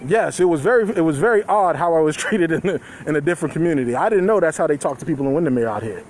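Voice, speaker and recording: Talking very fast with lively intonation, a man with a fairly high pitch and darkish tone reports live from a street protest on his handheld phone. He's loose and chatty, chuckling as he addresses his viewers. Faint outdoor noise from the street, including passing cars, carries in the background.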